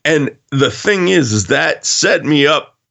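A man co-hosting a podcast, telling stories in casual, profane, animated chat. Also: a little high, takes it slowly, gravelly. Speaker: podcast co-host.

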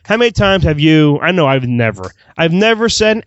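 A man's voice: fairly high pitch, sing-song, moderate pace, dry recording. A man co-hosting a movie review podcast, talking in an emphatic, gushing way in casual chat. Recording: dry, dull lo-fi audio.

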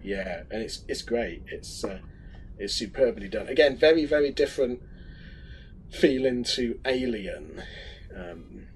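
A man's voice: mid-range voice, animated, unhurried, a crowd in the background, rough recording. A man co-hosting a podcast, chatting casually with playful jokes and rambling asides. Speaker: podcast co-host. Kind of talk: casual chat.

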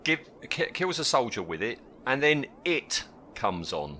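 A man co-hosting a casual podcast, recapping episode scenes with lively asides. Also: mid-range voice, a little slow. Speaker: podcast co-host. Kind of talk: casual chat about a TV episode.

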